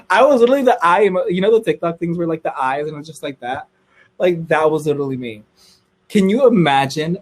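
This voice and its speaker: Young guy, kinda high voice, spilling tea on a livestream, swears a lot, gets squeaky when hyped. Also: brisk, poor audio. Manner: animated, gossipy, swears freely, squeals high when excited. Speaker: livestreamer telling a story. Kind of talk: casual storytime chat.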